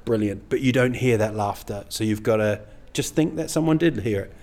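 A man's voice: lowish voice, brisk, darkish tone. Rambling middle-aged male comedian. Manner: rambling, self-deprecating, many "you know"s. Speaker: stand-up comedian, guest. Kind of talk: casual interview chat.

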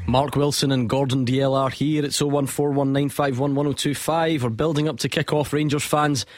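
A man's voice: medium pitch, level tone, fairly quick, dry recording, studio quality, soft background music. A man hosting a sports phone-in on the radio, chatty and upbeat. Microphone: studio microphone.

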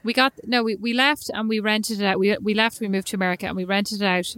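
A woman talks quickly into a close, dry podcast mic. She is a chatty storyteller who puts on voices for the people in her story. Her pitch sits in a middle range. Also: fairly even intonation, fairly bright tone, no room sound. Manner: chatty storyteller, acts out quoted exchanges. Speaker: podcast co-host. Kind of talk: casual chat.

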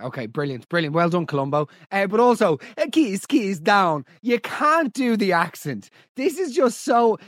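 An Irish man hosting a comedy podcast, talking in animated, incredulous and profane banter. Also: high-pitched, no room sound, studio quality. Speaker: podcast host. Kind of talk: casual comedic monologue.

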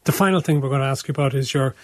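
A man hosting a radio culture segment, asking brisk, direct questions. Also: mid-range voice, no room sound. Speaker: radio host. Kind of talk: radio interview.

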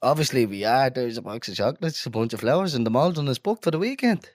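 A man's voice: medium pitch, lively intonation, quick pace, a little mellow, no echo, clean studio sound. A young man, co-hosting a casual chat with laid-back banter and reading out listener questions. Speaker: podcast co-host.

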